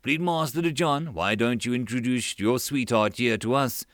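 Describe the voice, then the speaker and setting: A man's voice: medium pitch, moderate pace, a bit bright, no echo, clean studio sound, natural voice. A man voicing a sultry, predatory female fleet master with a silky, teasing manner.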